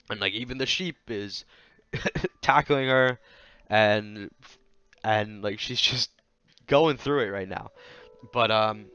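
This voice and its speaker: A man talks through a manga chapter in a loose, off-the-cuff review, pitched in the middle and dropping into quick voices when he quotes characters. The audio sounds a little muffled and dull, with faint music playing underneath. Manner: loose, thinking aloud, fillers, quoting characters in lively voices. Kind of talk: casual commentary video.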